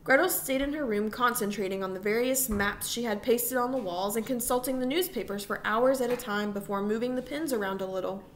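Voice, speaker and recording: Brief woman narrator, storybook reading, fairly high voice, faint background hiss. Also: a little fast, few pauses. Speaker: audiobook reader.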